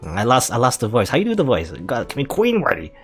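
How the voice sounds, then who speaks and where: Young guy rambling through a game playthrough, lively up and down voice, unsure and chatty. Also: mid-range voice, quick pace, faint music behind. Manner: rambling, hesitant, lots of "I don't know". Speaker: let's play host. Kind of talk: casual game commentary.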